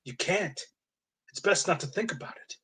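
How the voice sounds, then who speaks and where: Brief: man voicing tired aardvark guide, talks about himself in third person, husky and lively. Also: fairly high pitch, normal speed, heavily acted. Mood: world-weary. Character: gruff male aardvark guide, world-weary.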